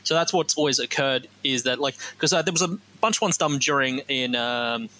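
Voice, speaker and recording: A man's voice: mid-range voice, a little fast, bright, forceful tone, low-quality recording. A man co-hosting a casual podcast discussion, rambling and leaning on "as such". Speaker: podcast co-host.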